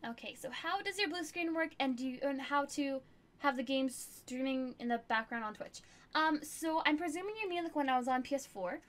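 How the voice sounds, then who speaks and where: A woman's voice: sits high, a little fast, a bit bright. A young woman streamer chatting casually while answering viewer questions, full of fillers and laughter. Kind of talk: casual chat.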